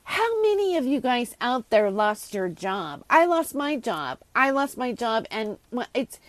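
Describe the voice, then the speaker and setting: A woman's voice: a little high, big pitch swings, a little slow, dry recording. A woman hosting a casual solo rant, exasperated and sarcastic, rambling with many restarts. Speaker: host.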